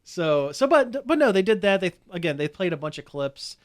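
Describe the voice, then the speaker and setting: A man hosts a podcast in a casual chat, rambling with lots of fillers and restarts. His voice sits high and is very animated, at a moderate pace.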